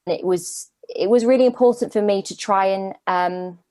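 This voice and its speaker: An actress answering interview questions about her role over a video call, chatty and lively, laughing now and then. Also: medium pitch, normal speed, no room sound. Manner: lively, laughs while explaining.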